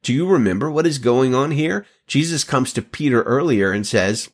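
A man's voice: mid-range voice, expressive, moderate pace. A man giving a devotional Bible talk as a teacher, emphatic and stretching key words.

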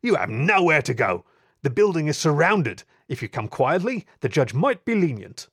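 A man voicing an impatient bulldog chief inspector who blusters and shouts. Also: a little high, sing-song, normal speed, husky, dry recording, clean studio sound, voice pushed up. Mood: blustering.

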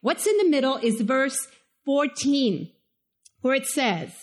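Woman pastor with a Spanish accent, high voice, chatty and lively sermon delivery. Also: slow. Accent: Spanish-accented English. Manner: conversational and animated, asks the listeners questions.

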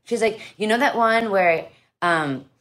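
Woman guest, casual chat, quick laughs, acts out quotes. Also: mid-range voice, a bit bright. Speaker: podcast guest.

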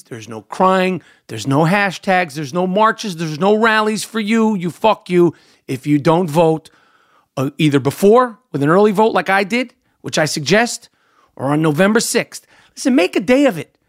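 Male podcast host, blunt profane monologue, hammers points through repetition. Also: sits high. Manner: profane, emphatic ranting; repeats key phrases for emphasis.

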